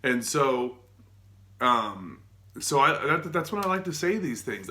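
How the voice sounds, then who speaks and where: A man's voice: mid-range voice, sing-song, a little slow, sharp tone. A man giving an earnest, casual motivational talk to his viewers, often restarting and asking them direct questions. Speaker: self-help vlogger.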